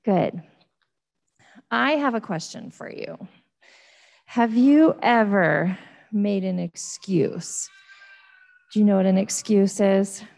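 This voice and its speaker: A woman leads a children's Bible lesson at an unhurried pace. Her voice sits in a middle register, and she talks gently, checking in with the kids through simple questions. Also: medium pitch, vocal fry. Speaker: children's ministry teacher.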